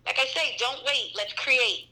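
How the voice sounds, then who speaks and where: Upbeat woman voice actor guest, very bright and slightly high, expressive, chatty. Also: unhurried, rough recording. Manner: animated and expressive, drops in Spanish words. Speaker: voice actor and dancer, podcast guest. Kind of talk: casual interview chat.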